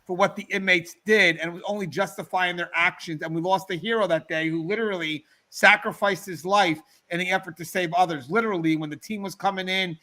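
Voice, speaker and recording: Animated, bright-voiced male host. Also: high voice, brisk, hardly any pauses. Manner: animated, chatty, swears casually. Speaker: podcast host. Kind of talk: casual storytelling to a live chat.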